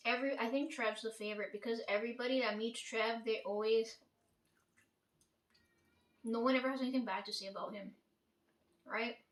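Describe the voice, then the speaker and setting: Brief: woman, fairly high voice, blunt swearing storyteller, echoey room. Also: steady tone, fairly quick, long pauses, recorded from a distance. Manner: blunt, profane, emphatic, keeps asking "right?". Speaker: vlogger telling a family story. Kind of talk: casual storytelling to viewers.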